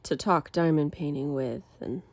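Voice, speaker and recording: A woman's voice: low-pitched, moderate pace, dry recording. A woman hosting a crafting channel, chatting casually while she works, her voice nasal from a cold, rambling and correcting herself as she goes. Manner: rambling, relaxed, self-correcting.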